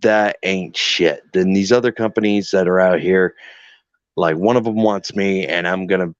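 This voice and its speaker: A man with a low voice chats as a guest over a muffled, lo-fi online call. He tells stories with energy, slips into the voices of the people he quotes, and swears freely. The sound is dry and close. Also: dry recording. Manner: animated storyteller, acts out dialogues, swears freely. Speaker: guest caregiver. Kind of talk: casual chat.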